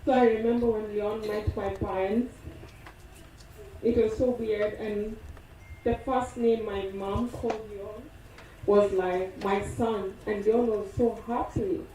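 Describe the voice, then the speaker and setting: A woman's voice: medium pitch, fairly even intonation, slow pace, warm tone, a little hiss or hum. A young woman giving a tender funeral tribute, reminiscing and quoting loved ones, recorded from a distance in an echoey hall. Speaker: eulogy speaker, partner of the deceased. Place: funeral service venue.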